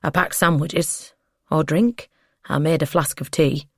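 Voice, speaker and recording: A woman voicing a relaxed, teasing male partner in an audiobook. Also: deep voice, measured pace, slightly rough, no room sound, clean studio sound, exaggerated voice.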